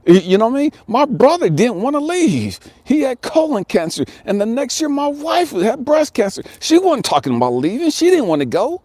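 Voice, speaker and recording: Earnest man with a lively, dark voice. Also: sits high, normal speed, no echo. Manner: earnest, preachy cadence, repeats phrases, rising intensity. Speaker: life coach and channel host. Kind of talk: casual motivational talk to camera. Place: outdoors in nature.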